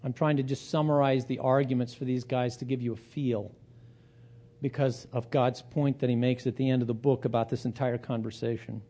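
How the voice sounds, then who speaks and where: A man preaching a sermon, reading and retelling scripture, whose voice rises for quoted speeches and drops low for his asides. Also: level tone, a little fast, dark tone.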